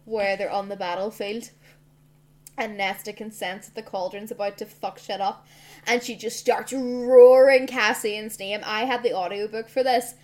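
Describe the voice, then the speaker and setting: Chatty woman podcast host, gets excited fast, swears a lot, middle pitch. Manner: excitable, swears freely, quick bursts of enthusiasm. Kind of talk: casual chat about books.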